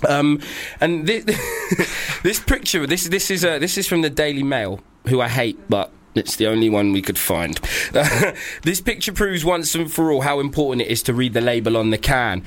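A man's voice: medium pitch, expressive, normal speed, hardly any pauses, fairly bright tone. A young man co-hosting a casual podcast, laughing often and bantering. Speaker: co-host.

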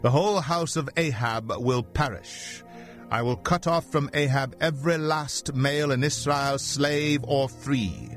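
A stern male prophet speaking in a solemn, declaring tone, voiced by a man reading the story aloud. The voice sits at an ordinary middle pitch, and faint music plays beneath it. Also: a bit bright, close to an everyday voice.

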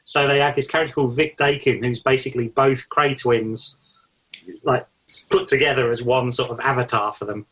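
A man co-hosting a podcast in easy, casual chat. He muses about films in a relaxed way, leaning on fillers. His voice sits at an ordinary middle pitch. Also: moderate pace. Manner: relaxed, reflective, uses many fillers. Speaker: podcast co-host.

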